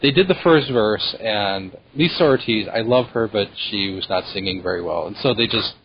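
Man, podcast co-host, hesitant, fillers, lowish voice, faint hiss, lo-fi. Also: lively intonation, moderate pace, breathy edge. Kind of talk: casual chat. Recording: dull lo-fi audio with faint noise.

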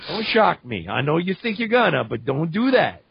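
A man voicing a flirty, cocky Cajun mutant hero with a slow, swaggering drawl. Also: a little high, big pitch swings, gravelly, breathy edge, dry recording, highs cut off, pitched above the performer's own voice, full character voice. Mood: teasing. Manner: swaggering, teasing, drawn-out speech.

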